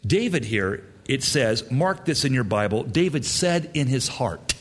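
A man's voice: medium pitch, very animated, unhurried, few pauses, fairly bright tone, breathy edge. A man preaching a sermon in an emphatic, repetitive way. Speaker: pastor.

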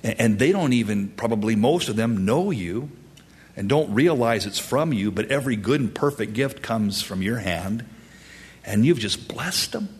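A pastor delivers an expository sermon to his congregation at a normal speed in a husky voice. He's animated, shifting between loud, high-pitched emphasis and hushed whispers.

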